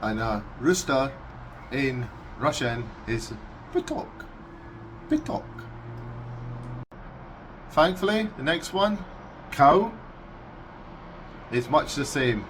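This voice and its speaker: A Scottish man vlogging casually, unhurried and amused, breaking into animal noises. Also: medium pitch, animated, fairly bright tone, a little hiss or hum. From Scotland. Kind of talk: casual explainer vlog.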